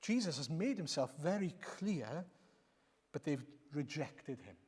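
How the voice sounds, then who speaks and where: A man's voice: on the high side, sing-song, unhurried, a little mellow, slightly rough. Emphatic male preacher in a reverberant church. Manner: emphatic, rhetorical questions, repeats lines. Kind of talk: sermon. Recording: long reverb of a church hall.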